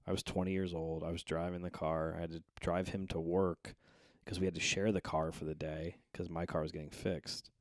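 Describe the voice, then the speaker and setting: A man's voice: deep voice, fairly quick, no echo, studio quality. A young man, a stand-up comedian and guest, telling profane stories in casual chat and acting out the voices in them while hungover. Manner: animated, profane, acts out voices in his stories.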